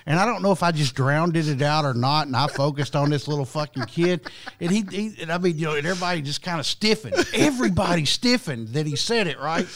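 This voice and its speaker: A man spins a rambling, swear-filled anecdote on a casual podcast. His voice sits a bit high for a man, and he circles back and restarts his sentences often. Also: animated, fast, a bit bright. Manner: rambling, profane, frequent restarts. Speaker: podcast host. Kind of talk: casual storytelling.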